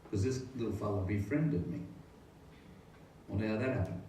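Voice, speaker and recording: A middle-aged pastor tells his testimony in an earnest, wandering way, often stopping to pose rhetorical questions. His voice sits low and mellow. It is picked up from a distance in a very echoey room with a faint hiss behind it. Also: moderate pace. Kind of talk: personal faith testimony.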